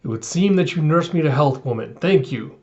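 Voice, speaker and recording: A man's voice: fairly high pitch, animated, fairly quick, a little mellow, lo-fi sound, lightly acted. A man reading the lines of a bold, adventurous young samurai in a comic. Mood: earnest.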